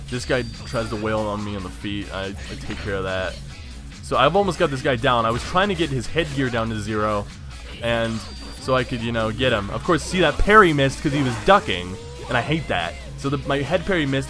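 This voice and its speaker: A man giving casual gameplay commentary, excitable, swearing and stumbling over his words, with faint game music behind. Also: medium pitch. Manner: excitable, swears, stammers and restarts. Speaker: let's play commentator.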